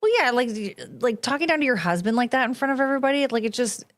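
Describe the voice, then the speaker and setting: A woman's voice: sits high, lively intonation, fast, fairly bright tone. A woman hosting a podcast, giving blunt, profane commentary on video clips and dropping into mocking impressions. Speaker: podcast host.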